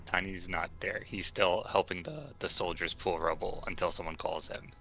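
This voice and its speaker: A man's voice: low-pitched, fairly even intonation, normal speed, gravelly, sharp tone. A man casually describing his character's actions in a tabletop game. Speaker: player. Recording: dull lo-fi mic.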